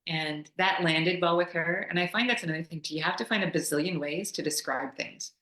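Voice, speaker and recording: Woman, yoga teacher, casual call. Animated, laughs a lot, bright forceful tone, roomy echo. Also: lowish voice, brisk. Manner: animated, laughs often, acts out quoted voices. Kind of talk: casual explanatory chat on a call.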